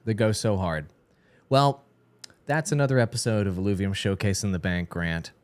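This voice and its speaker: A man hosting a game showcase livestream, joking loudly and mock-excited in casual banter with a guest. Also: fairly low pitch, normal speed. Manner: loud, goofy, mock-excited. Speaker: host.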